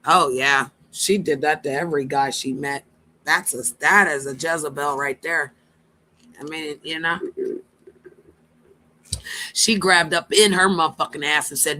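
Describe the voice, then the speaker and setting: A woman's voice: low voice, normal speed, long pauses, pushed and bright. A woman hosting a stream, giving blunt, profane reaction commentary straight to her viewers. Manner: brash, blunt and profane, addresses viewers directly.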